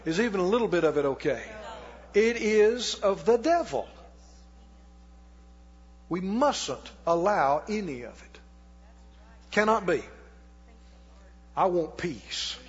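A man's voice: high-pitched, lively intonation, slow, long pauses, slightly rough. A male pastor preaching a sermon, emphatic and questioning his congregation. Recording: dull echoey hall recording.

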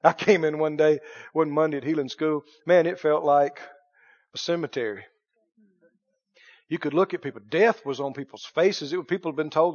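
High-voiced animated male preacher. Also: moderate pace, long pauses, muffled recording. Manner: animated preaching, swings from hushed to shouting. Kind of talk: sermon.

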